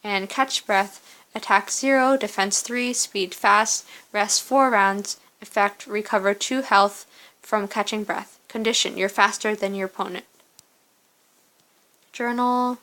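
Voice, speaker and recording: A woman reading an interactive story game aloud in a steady second-person narration, with casual asides about the game screens. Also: mid-range voice, slow pace.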